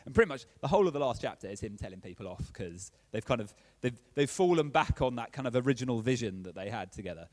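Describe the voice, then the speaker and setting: A man's voice: medium pitch, big pitch swings, fast, hardly any pauses, darkish tone, no echo. A man giving a casual, conversational sermon as a preacher, often checking in with his listeners. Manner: chatty, checks in with "okay?" often.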